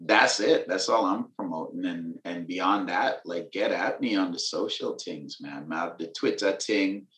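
A man with a lilt, a musician and author, chatting casually in an interview with relaxed slang. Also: low-pitched, unhurried, hardly any pauses, roomy sound. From Venezuela. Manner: relaxed, laid-back slang, laughs between thoughts.

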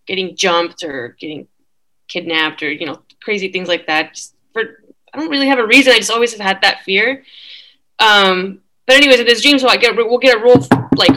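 Chatty bright-voiced young woman. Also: medium pitch. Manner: chatty, many fillers. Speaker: guest. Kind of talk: casual storytelling.

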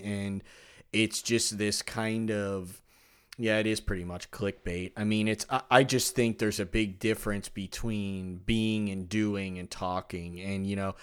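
Low-voiced man hosting a rambling chat. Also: clear, resonant tone. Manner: rambling, animated, frequent restarts. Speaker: podcast host. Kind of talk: casual conversation.

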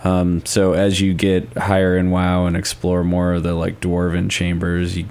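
A man co-hosting a radio chat, his very deep voice hoarse from a cold. He speaks in an easygoing, casual way, slipping in dry asides. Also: monotone, normal speed, darkish tone. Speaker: radio co-host.

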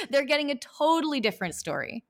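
A woman guest on an interview podcast who coaches people, talking in an animated way and acting out reactions. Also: mid-range voice, brisk. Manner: animated, lively, acts out reactions. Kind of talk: conversational interview.

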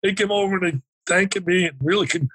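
Speaking fast in a high voice on a rough recording, a motivational speaker shares an emotional story as a guest in an interview. He tells it with animation and emphasis, performing the dialogue along the way.

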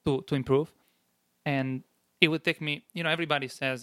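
A man's voice: a little high, fairly even intonation, fairly quick, a bit bright, clean tone, no room sound, studio quality. A man from Italy with an Italian accent, a guest in a casual interview, telling his story plainly and earnestly.

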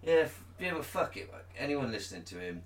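A man's voice: medium pitch, very animated, fast talker, echoey room, recorded from a distance. A man co-hosting a podcast in casual chat, rambling and sweary, often trailing off mid-thought. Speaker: podcast co-host.

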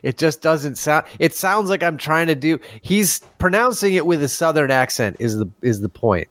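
A man's voice: on the high side, animated, moderate pace, a bit bright, no room sound. A man from Chicago hosting a podcast, reading listener mail in casual chat and tripping over his words with restarts. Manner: stumbling restarts, joking.

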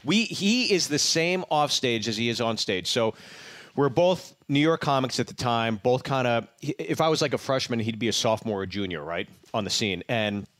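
A man's voice: mid-range voice, normal speed, dry recording. Man in his forties telling stories. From Pittsburgh. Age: 40s. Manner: lively anecdotes, acts out crowd chants. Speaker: comedian guest. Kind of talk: casual chat, storytelling.

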